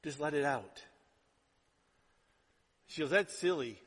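A male pastor preaching a sermon in a conversational way, dropping to hushed asides and rising to loud emphatic lines. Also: a little high, expressive, takes it slowly, breathy edge. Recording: long hall reverb.

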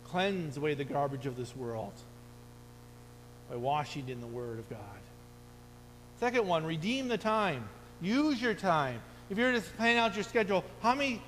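Middle-aged male preacher, earnest exhorting sermon delivery, high voice, reverberant hall. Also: a bit bright. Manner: earnest, exhorting, quotes scripture. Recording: long hall reverb, faint hum.

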